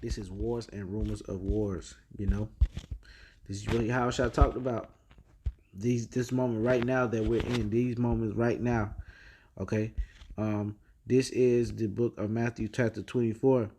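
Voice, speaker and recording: A man's voice: mid-range voice, level tone, a little slow, noisy background. A man hosting a casual news commentary video, rambling with slang and many fillers, reading headlines and scripture aloud. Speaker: religious video host.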